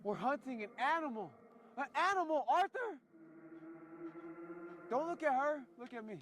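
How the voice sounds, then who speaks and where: An actor in a low-budget horror short playing an agitated rural man accused of kidnapping, shouting in a forced country accent. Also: expressive, normal speed, slight background noise. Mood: urgent. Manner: shouting, incredulous. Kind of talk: indie horror short film acting.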